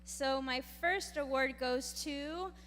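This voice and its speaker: A fifth- and sixth-grade teacher presents awards at a graduation ceremony hall, praising each student. Her voice sits high and she speaks slowly. The hall is reverberant and noisy, with a faint crowd in the background.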